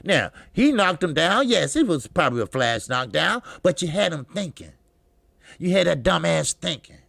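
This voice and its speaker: A loud boxing talk host whose high, gravelly voice swings wildly up and down. He curses freely, laughs a lot and shouts out names from the live chat, all in a dry, close-miked sound. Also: sing-song, moderate pace, no echo. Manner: loud, profane, laughing often, shouting greetings to chatters.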